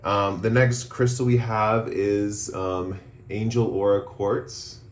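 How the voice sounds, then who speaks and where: A man with a very deep, hoarse voice, worn down by a recent cough. He leads a casual tarot reading in a loose, rambling way, full of ums and pauses. A faint hiss sits under his voice. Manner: relaxed, rambling, many ums. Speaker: tarot reader.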